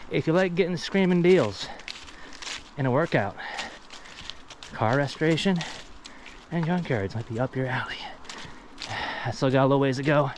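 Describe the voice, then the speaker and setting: A man's voice: on the high side, slight background noise. A man casually narrating a vlog while hiking through an outdoor junkyard, out of breath, chatty and rambling as he goes. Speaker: vlogger.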